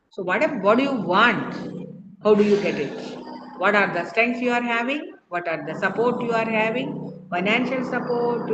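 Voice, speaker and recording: Female lecturer with an Indian English accent, patient and repetitive delivery, captured on muffled, reverberant online audio. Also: mid-range voice. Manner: explanatory, repeats key phrases, frequent uh fillers. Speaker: counselling lecturer. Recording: echoey, dull lo-fi online lecture audio with background noise.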